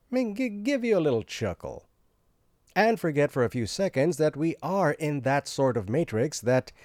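A man delivering a sarcastic comedy monologue, swinging between loud outbursts and hushed asides. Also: medium pitch, no echo, clean studio sound.

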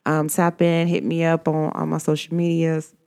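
A woman's voice: low-pitched, monotone, moderate pace, creaky, darkish tone, clean tone. A woman hosting her own podcast, talking casually and a bit like a preacher to her listeners, with speech patterns. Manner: preachy, informal, addresses listeners as y'all. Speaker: podcast host. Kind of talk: casual motivational podcast talk.

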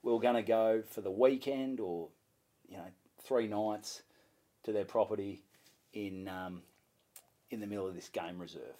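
A young Australian man, a comedian, telling a story in a casual interview. He swears freely and acts out what people said in a louder voice. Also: fairly low pitch, a little slow, long pauses. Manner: animated, swears freely, acts out his own lines in a louder voice. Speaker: comedian guest.

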